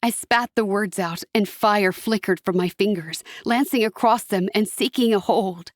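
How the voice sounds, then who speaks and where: A woman's voice: mid-range voice, normal speed, no echo, studio quality. Woman narrating a fantasy audiobook.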